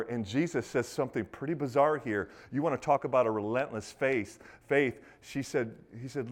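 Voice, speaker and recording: A man preaching a sermon in a conversational, animated way, acting out the quotes he tells. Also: mid-range voice, brisk. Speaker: pastor.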